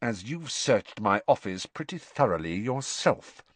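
A man voicing a cold, sneering male potions master who speaks softly and dangerously, with a hiss. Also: lowish voice, sing-song, measured pace, no echo. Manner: cold, soft and dangerous, hissing.

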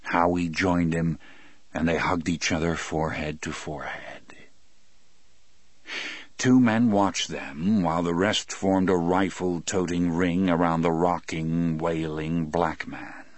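Male audiobook narrator, very deep voice, slow and grave, dry close studio sound. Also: steady tone, no room sound. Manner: measured, grave, unhurried storytelling. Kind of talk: scripted first-person audiobook narration.

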